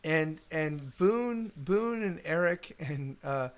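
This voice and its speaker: This Texan musician rambles through a casual live stream, swearing a lot and filling his talk with restarts and fillers. His voice is fairly high with lively intonation, a slow pace, and a clean tone.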